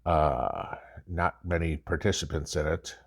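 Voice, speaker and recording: A man's voice: a bass voice, fairly even intonation, a little slow. A man hosting a prepping channel, talking casually and sarcastically, mocking officials in put-on quotes. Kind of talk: casual commentary monologue.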